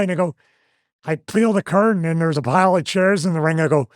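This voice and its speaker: A man in his fifties, a show host, telling a story in a casual, animated way and acting out the lines he quotes. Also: on the high side, quick pace, no room sound, studio quality. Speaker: host, former wrestler.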